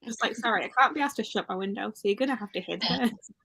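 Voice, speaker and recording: Husky-voiced woman chatting casually. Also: mid-range voice, rapid-fire, a bit bright, no echo. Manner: laughs, trails off mid-sentence. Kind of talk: casual group video chat.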